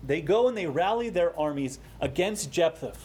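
A man's voice: fairly high pitch, animated, moderate pace, a little hiss or hum. Man preaching with rising emphasis. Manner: expository preaching, rising emphasis and quiet asides. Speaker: pastor. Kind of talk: sermon.

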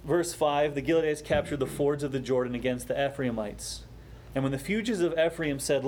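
A man preaching a sermon, explaining a scripture passage with rising emphasis and quieter, slower asides. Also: fairly high pitch, slight background noise. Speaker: pastor.

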